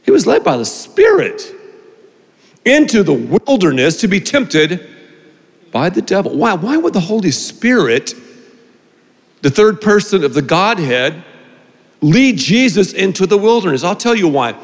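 Animated male pastor in a big hall. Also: high voice, measured pace. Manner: animated, acts out voices in anecdotes. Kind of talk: storytelling sermon. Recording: long reverb of a large hall.

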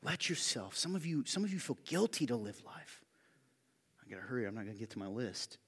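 Animated pastor preaching in a reverberant hall. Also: male voice, mid-range voice, a little fast, slightly rough. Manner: animated storytelling, shouting when quoting a friend. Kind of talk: sermon.

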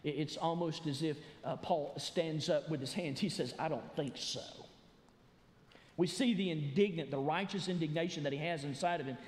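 A man preaching a sermon as pastor, animated and building to emphatic shouts. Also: a little high. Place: church sanctuary. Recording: echoey church hall.

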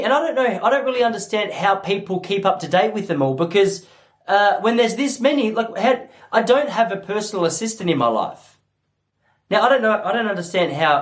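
A young Australian man telling a funny story to his listeners, swearing freely as he goes. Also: sits high. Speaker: podcast host. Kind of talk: comedic monologue to listeners.

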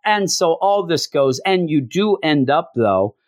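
A man's voice: fairly high pitch, big pitch swings, unhurried, dry recording, clean studio sound. A man giving a rambling, casual comic book review and often acting out the characters' lines as he goes.

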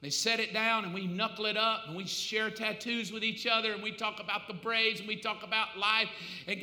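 Man, pastor, sermon, dramatic, loud to hushed, sharp bright voice, roomy hall echo. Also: high voice, normal speed. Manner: dramatic, swings from loud preaching to hushed confessional asides.

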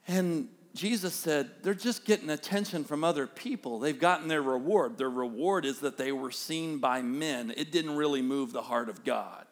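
Earnest high-voiced male preacher. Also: moderate pace, fairly bright tone. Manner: storytelling, acts out a child's voice and quoted speech; earnest, conversational preaching with asides to the congregation. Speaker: pastor. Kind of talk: sermon.

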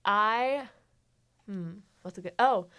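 A woman's voice: medium pitch, slow pace, heavy background noise. A teenage girl co-hosting a casual podcast chat, teasing and playful. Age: late teens. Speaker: podcast co-host.

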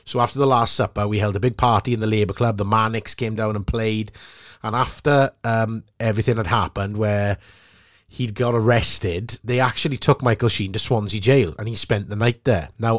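A Welsh podcast host with a somewhat low voice tells a story in an animated way and laughs easily. The sound is close and dry. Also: male voice, moderate pace, no echo. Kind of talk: casual chat, storytelling.

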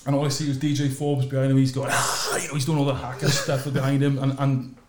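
A fast-talking man, a podcast host and former sevens captain, tells an animated story in a casual chat. He delivers the anecdote with energy, dropping low and quiet for asides. The sound is roomy, with a noisy background.

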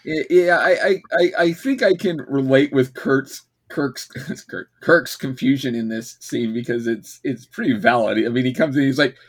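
A man's voice: mid-range voice, normal speed, few pauses. A middle-aged man co-hosting a podcast, jokey and stammering as he acts out quotes. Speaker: podcast co-host. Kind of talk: casual chat.

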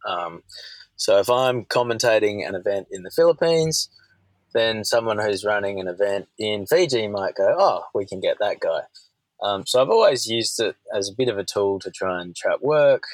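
A man's voice: on the low side, lively intonation, no room sound, rough recording. A man who works as a surf commentator, talking candidly as a podcast guest. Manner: candid, measured storytelling. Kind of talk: casual conversational chat.

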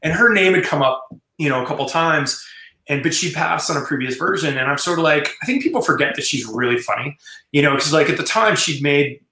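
A man's voice: on the high side, lively intonation, brisk, bright, forceful tone, roomy sound, low-quality recording. A man telling stories as a screenwriter guest in an interview, rambling with many fillers and restarts. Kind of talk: casual storytelling in an interview.

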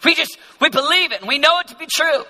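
A man who is a pastor, preaching an emphatic, repetitive sermon that swings from loud to hushed. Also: very high voice, lively intonation, fast.

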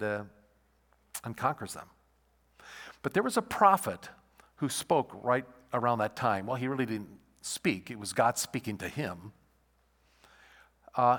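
A man preaching a sermon as pastor, halting and repeating words, then rising to loud emphatic peaks. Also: medium pitch. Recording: long hall reverb.

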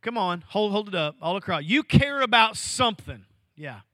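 A male pastor delivers a sermon in a slow, deliberate cadence. His voice sits high and bright, and the sound is close and dry. He swings his delivery from emphatic peaks down to hushed, almost whispered lines. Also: big pitch swings, dry recording. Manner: preaching with sweeping swings of pitch and volume, dropping to near-whispers. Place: church.

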